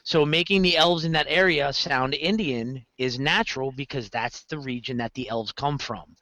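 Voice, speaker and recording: A man's voice: mid-range voice, moderate pace, no room sound, low-quality recording. A man chatting casually on a podcast about running his games, rambling and correcting himself as he goes. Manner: rambling, self-correcting, animated storytelling. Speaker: game master guest.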